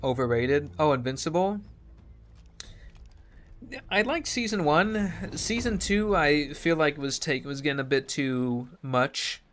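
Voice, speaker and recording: A man's voice: a little high, expressive, slow, fairly bright tone, slight background noise. A man ranting casually to his stream chat, sarcastic, swearing freely, laughing often.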